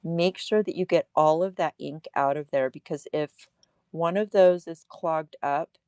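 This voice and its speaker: A woman's voice: low voice, unhurried, a little mellow, clear, resonant tone, dry recording. A woman hosting a casual livestream craft demo at her table, chatty and laughing at herself.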